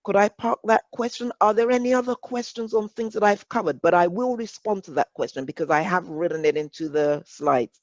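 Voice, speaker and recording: A woman with an English accent presenting an online workshop, measured and deliberate, repeating phrases for emphasis. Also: medium pitch, no room sound, muffled recording.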